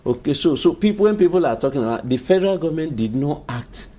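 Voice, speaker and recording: A Nigerian man with a relaxed, dark-toned voice talks as a guest on a TV interview. He explains aviation matters at length, emphatic and repetitive in his phrasing. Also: fairly high pitch, fast. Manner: emphatic, explanatory, repeats himself. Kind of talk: studio interview answers.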